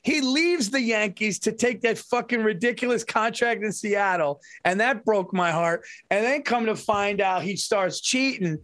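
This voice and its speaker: Male co-host, high voice, dry sound, heated and defensive about sports picks. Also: measured pace, hardly any pauses, dry recording. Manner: excitable, defensive, repeats himself. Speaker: podcast co-host. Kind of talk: casual sports chat.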